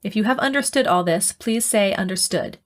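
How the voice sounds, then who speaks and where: Brief: woman voicing a calm, commanding audiobook starship captain, stubborn and skeptical, middle pitch. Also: brisk, lightly acted. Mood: firm.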